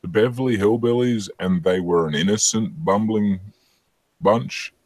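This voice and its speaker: A man's voice: fairly low pitch, unhurried, no room sound. A man, chatting casually as a guest, blunt and swearing freely. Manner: blunt, swears often, animated storytelling. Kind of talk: casual chat.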